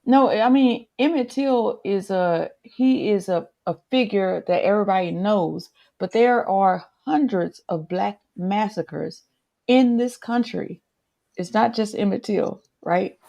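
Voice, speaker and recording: A woman guest in a casual discussion, earnestly explaining things with halting restarts. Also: medium pitch, creaky, mellow, muffled recording.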